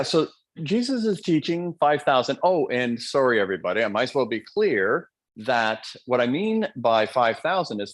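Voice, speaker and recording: A man on a live stream, telling a story and preaching its lesson in a very animated voice that swings up and down in pitch. He is chatty and joking, and keeps asking his listeners whether they are following. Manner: joking, conversational, quizzes the audience. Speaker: motivational speaker. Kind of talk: live-streamed motivational talk.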